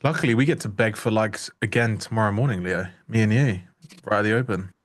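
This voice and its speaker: Young male stream co-host, lowish voice, rambling jokey banter. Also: fast talker. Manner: joking, rambling, self-interrupting. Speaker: livestream trading co-host. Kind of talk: casual live-stream chat.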